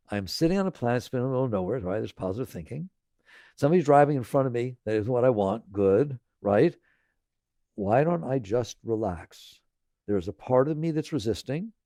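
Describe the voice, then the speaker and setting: A man teaching spirituality in a relaxed, conversational talk. He repeats phrases gently and often checks in with listeners by asking "right?". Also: medium pitch, vocal fry, no room sound, clean studio sound. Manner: conversational, tags lines with "right?".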